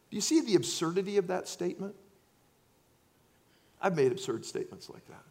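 A man preaching a sermon, swinging between loud acted-out outbursts and quiet, earnest asides. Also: high-pitched, very animated, normal speed. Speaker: pastor.

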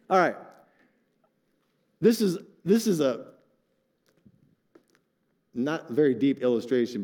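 Older man preaching, high voice, echoing hall. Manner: animated, joking asides to the congregation. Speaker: pastor. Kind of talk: sermon.

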